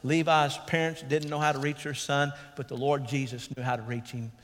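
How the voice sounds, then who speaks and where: A man's voice: medium pitch, level tone, brisk, a bit bright. A man, a pastor preaching an earnest sermon and calling out to the congregation. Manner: earnest preaching with calls of "Amen?". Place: church sanctuary. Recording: long church reverb.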